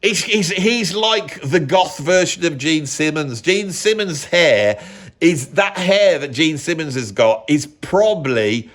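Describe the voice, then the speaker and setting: A middle-aged British man with a fairly high voice, ranting about what annoys him. He is blunt and sarcastic, and he rambles from one jab to the next. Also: a bit bright. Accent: British English. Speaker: musician and vlogger. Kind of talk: opinionated rant.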